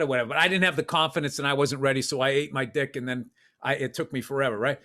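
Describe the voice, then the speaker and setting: A man from Massachusetts, co-hosting a podcast and telling a profane, animated story in casual chat. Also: mid-range voice, fast. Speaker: podcast co-host.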